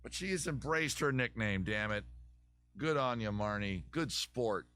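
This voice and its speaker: Rambling comic host, voice going hoarse. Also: male voice, medium pitch, animated, a little slow, a bit bright. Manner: digressive, self-mocking, drops into a put-on Southern lawyer voice. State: voice going hoarse after weekend shows. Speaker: comedy podcast host. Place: his home in a city.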